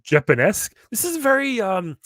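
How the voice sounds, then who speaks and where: Podcast co-host, man, easygoing laugher, expressive delivery, dry mic. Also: high voice, normal speed, dry recording. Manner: laid-back, laughs often, riffs with silly voices. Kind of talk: casual comedic chat.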